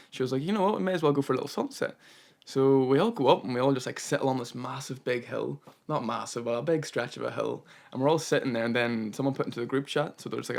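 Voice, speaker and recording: A man's voice: mid-range voice, vocal fry. A young man narrating his travel vlog in a chatty, rambling way, full of "kinda" and "you know". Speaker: travel vlogger.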